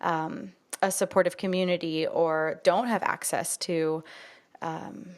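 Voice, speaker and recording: Woman, podcast host, slightly low voice, earnest, affirming, casual chat. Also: steady tone, slow pace. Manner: affirming, earnest, with many "you know" fillers. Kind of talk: casual conversation.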